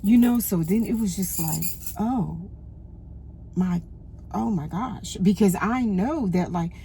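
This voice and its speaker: A woman's voice: mid-range voice, slow pace, dark tone, a little hiss or hum. A woman vlogger talking casually in a rambling, emotional storytime, restarting her sentences often. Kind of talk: casual storytime while dressing.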